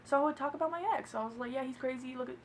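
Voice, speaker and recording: A woman's voice: high voice, very fast, darkish tone, a little hiss or hum, poor audio. A young woman telling a personal story in a casual, chatty way, swearing and laughing along.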